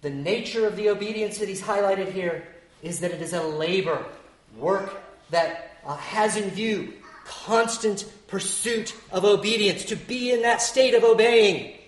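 A preacher delivering an expository sermon in a measured, explanatory way, often pausing with "uh". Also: mid-range voice. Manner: measured, explanatory, with frequent "uh" pauses. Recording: echoey room.

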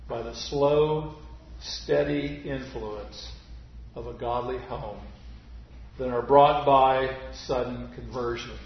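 A man preaching a sermon, slow and deliberate, dropping to near-whisper on key phrases. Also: fairly high pitch. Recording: muffled, very echoey church recording.

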